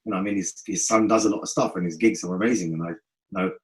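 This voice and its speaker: A man's voice: low-pitched, racing, rough recording. A man from North West London, a musician guest telling stories in a casual podcast interview and slipping into patois when he quotes friends. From North West London, England. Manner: animated storytelling, slips into friends' patois.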